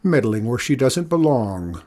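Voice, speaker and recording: A man voicing a gruff, rude old lighthouse keeper who calls out mockingly in a storybook reading. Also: mid-range voice, animated, normal speed, a little mellow, close to an everyday voice. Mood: scornful.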